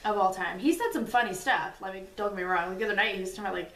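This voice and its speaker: In a couple's Q&A video, a woman in her twenties tells stories at a racing pace, saying "like" constantly and laughing often. Her medium-pitched voice is fairly bright. She's a chatty, giggly vlogger, recorded far from the mic in an echoey room.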